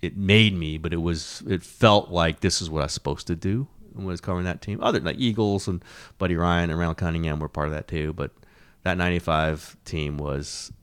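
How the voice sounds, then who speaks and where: Middle-aged male sports host, deep voice, rambling, animated, casual. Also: a little fast, clean tone. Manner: rambling, animated, swearing, frequent restarts. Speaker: sports columnist and podcast host.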